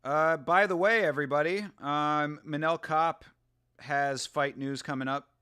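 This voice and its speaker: A man chatting casually as he reacts live to a grappling event, excitable and laughing often as he talks to his viewers. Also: a little high, unhurried, smooth, no room sound.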